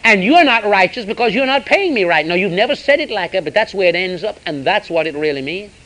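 A man preaching a sermon, swinging between loud emphasis and hushed asides. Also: high-pitched, expressive, fast, rough recording.

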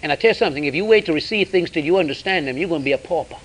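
A man preaching a sermon, swinging between loud emphasis and hushed asides. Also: on the high side, expressive, rapid-fire, slight background noise, poor audio.

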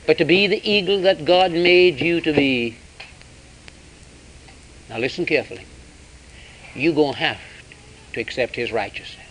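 A man preaching a sermon, swinging between loud emphasis and hushed asides. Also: on the high side, moderate pace, pauses often, slight background noise, low-quality recording.

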